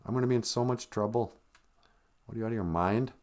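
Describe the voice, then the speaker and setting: A man's voice: on the low side, fast, a little mellow, close to an everyday voice. A man voicing an exasperated teenage girl babysitter in a whiny, sarcastic, rambling way.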